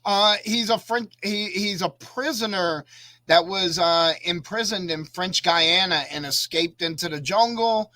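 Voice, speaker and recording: A man's voice: high-pitched, measured pace, pushed and bright, no echo. A man co-hosting a casual podcast, talkative and opinionated, telling stories with animation. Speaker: podcast co-host. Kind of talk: casual chat.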